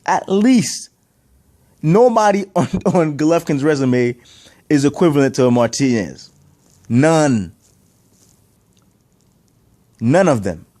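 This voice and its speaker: Heated, mellow-voiced man ranting about boxing. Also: a little high, expressive, slow pace, long pauses. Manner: heated, emphatic, repeats points, rhetorical questions. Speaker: boxing commentator. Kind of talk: opinionated boxing rant.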